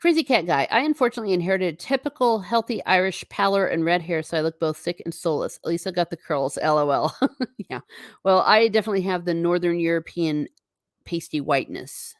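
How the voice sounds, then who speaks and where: A woman's voice: lowish voice, fairly quick, no echo, studio quality. A woman hosting a live stream, chatting casually and reading viewer comments aloud with frequent laughs. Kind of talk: casual chat. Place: home.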